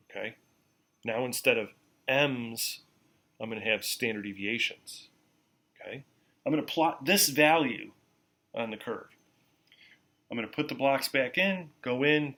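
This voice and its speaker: Male college lecturer, bright tone, mid pitch, casual and repetitive, checks understanding often. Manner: repeats key points slowly, frequent "okay?" check-ins; casual, conversational explaining. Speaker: university lecturer. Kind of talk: classroom lecture.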